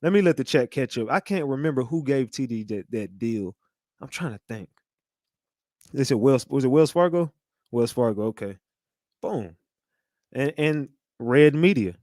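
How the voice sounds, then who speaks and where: A man's voice: medium pitch, animated, moderate pace, pauses often, warm tone, no echo, clean studio sound. A man hosting a casual livestream, talking straight to his chat in a slangy, conspiratorial way. He often repeats himself and restarts. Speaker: livestream host.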